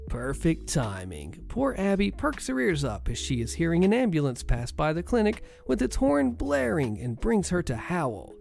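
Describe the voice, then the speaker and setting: A man narrating a first-person story in a steady retelling manner. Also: fairly high pitch, moderate pace, gravelly, soft background music.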